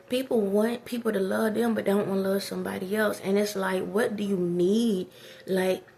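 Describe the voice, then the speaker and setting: A woman's voice: mid-range voice, gravelly, a little hiss or hum. A woman talking casually in a personal vlog, rambling and preachy. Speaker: vlogger.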